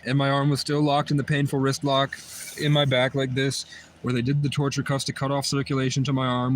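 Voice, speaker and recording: A man on a livestream telling a long personal story in a rambling, repetitive way, often restarting his sentences. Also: medium pitch. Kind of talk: livestream monologue.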